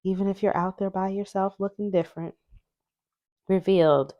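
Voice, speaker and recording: A woman's voice: mid-range voice, steady tone, moderate pace, dark tone. A woman chatting casually as she reviews an oracle deck, reading card words aloud and musing about them. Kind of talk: casual unboxing chat.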